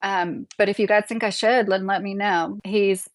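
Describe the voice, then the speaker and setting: A woman's voice: medium pitch, steady tone, normal speed. A young woman hosting a casual livestream from her home, reading viewer comments aloud, chatty and opinionated, laughing often. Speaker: livestream host. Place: home, a double-wide trailer.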